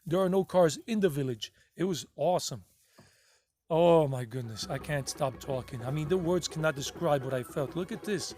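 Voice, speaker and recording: A man's voice: fairly high pitch, moderate pace, darkish tone. A man narrating his travel footage in a casual vlog, gushing and rambling and often repeating himself. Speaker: travel vlogger.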